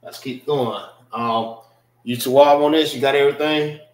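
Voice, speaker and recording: A man teaching an informal class, explaining words slowly, often checking in with "all right" and speaking. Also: mid-range voice, fairly even intonation, echoey room, low-quality recording. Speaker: class instructor.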